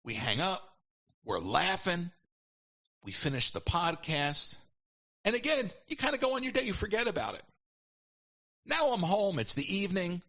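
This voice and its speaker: A man casually telling a long story as a podcast guest, animated and quick to quote people in put-on voices. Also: high-pitched, highs cut off. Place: at home.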